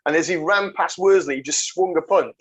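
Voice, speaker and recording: A man hosts a podcast with a slightly higher voice than most men. He keeps up a chummy, teasing banter with his guest and likes to rib him about old matches. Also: brisk, breathy edge. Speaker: podcast host. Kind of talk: casual chat.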